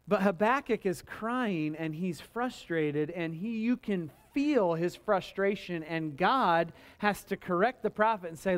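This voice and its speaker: Animated preacher calling for amens. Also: male voice, a little slow, hardly any pauses. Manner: animated, acts out complaints in a higher voice; conversational, calls for amens. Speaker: pastor. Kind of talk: sermon.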